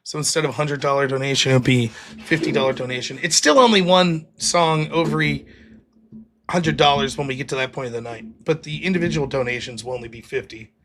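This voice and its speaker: Man, livestream host, profane, blunt, heated rant, bright sharp voice. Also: medium pitch, a little fast, a little hiss or hum. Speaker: livestream host reading donations.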